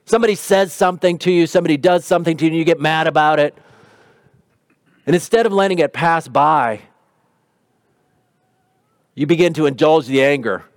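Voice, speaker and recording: A man's voice: on the high side, a little fast, pauses often, no room sound, clean studio sound. A man preaching a sermon in an earnest, conversational way. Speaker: pastor.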